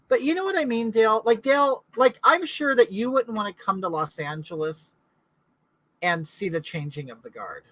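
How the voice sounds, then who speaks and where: A middle-aged Californian woman hosts a casual live chat, rambling as she answers viewers' comments. Her voice is a little high with lively intonation at a normal speed, and the rough recording has no room sound.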